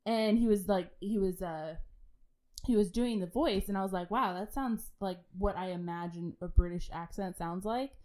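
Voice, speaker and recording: A woman's voice: medium pitch, moderate pace, warm tone. A woman, co-hosting a podcast, chatty and swearing while she tells stories. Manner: chatty storyteller, swears, laughs often. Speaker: podcast co-host. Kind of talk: casual chat.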